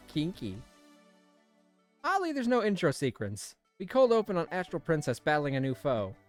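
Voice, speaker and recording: A man hosting a gameplay video, chatting casually and reading game text aloud, animated and often laughing. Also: high voice, fairly quick, soft background music. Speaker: let's play host.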